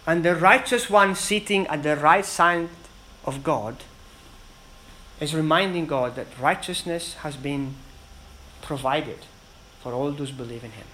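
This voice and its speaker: A man preaching a sermon in an earnest, emphatic way, with dramatic pauses between phrases. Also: a little high, sharp tone, slight background noise, rough recording.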